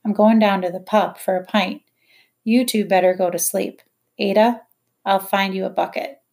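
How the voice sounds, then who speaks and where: A woman voicing a harsh, bitter mother who speaks in heavy, cold, slow threats, in an audiobook. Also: mid-range voice, fairly even intonation, gravelly, darkish tone, lightly acted. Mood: scornful.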